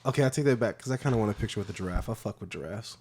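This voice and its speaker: A man's voice: fairly low pitch, very fast, a little mellow. A young man from Texas co-hosting a casual podcast chat, joking around and swearing a lot. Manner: profane, jokey, puts on silly animal voices. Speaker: podcast co-host.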